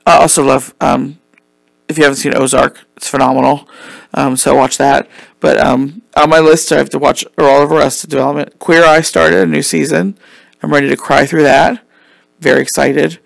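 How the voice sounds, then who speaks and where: A man's voice: a little high, flat delivery, normal speed, gravelly, no echo. A man hosting a casual solo podcast, rambling and chatty with lots of ums and some swearing, while losing his voice. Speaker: podcast host.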